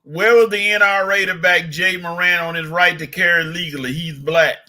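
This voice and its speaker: A man's voice: high-pitched, steady tone, moderate pace, sharp tone. A man hosting a sports talk show who reads out listener questions, joking and moving the talk along. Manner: laid-back, jokes and moves the talk along. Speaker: host reading listener questions.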